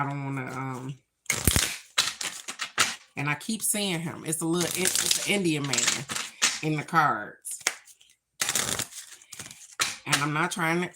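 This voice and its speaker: Against heavy background noise, a low-voiced woman does a laid-back daily card reading for her vlog. She's spiritual and talkative, calling the people watching "y'all" and "baby."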